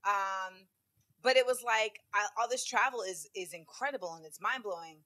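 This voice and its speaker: A woman comedian chats as a podcast guest with a bright, forward tone. She tells stories quickly and loosely, full of fillers and asides. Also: medium pitch. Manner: quick, chatty storytelling with many fillers. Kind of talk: casual interview chat.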